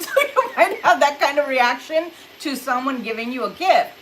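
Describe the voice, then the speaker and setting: A woman's voice: high voice, lively intonation, moderate pace, fairly bright tone, slight background noise. A middle-aged woman giving a casual tarot reading to camera. She is chatty, laughs often and acts out little reactions, a little distant from the camera at home. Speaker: tarot reader.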